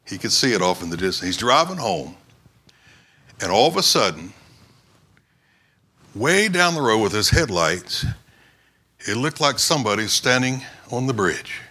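Preacher, male, bright and forceful voice, sermon storytelling. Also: lowish voice, very animated, moderate pace, pauses often, husky. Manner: storytelling sermon, shouting quoted cries. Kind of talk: sermon illustration.

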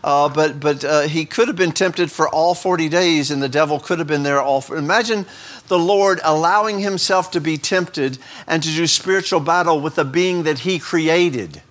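A man's voice: fairly high pitch, normal speed, fairly bright tone. Rambling man preaching a sermon. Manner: rambling, self-deprecating asides. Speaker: pastor.

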